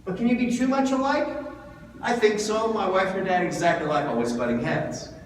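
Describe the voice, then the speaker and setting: A man giving a lively seminar talk, asking the audience questions, recorded from far off in a hall. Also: sits high, a little fast, slight background noise. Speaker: speaker.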